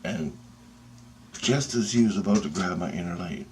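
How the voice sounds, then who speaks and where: A man telling a personal story in a casual, excitable and profane way, with pauses and restarts. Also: low voice, a little hiss or hum.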